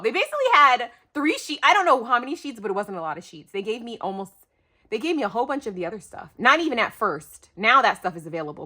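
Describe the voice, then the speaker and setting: A middle-aged woman unboxes craft mail on her vlog, gushing and exclaiming to viewers she calls "you guys." Her voice sits in the middle range and is slightly bright.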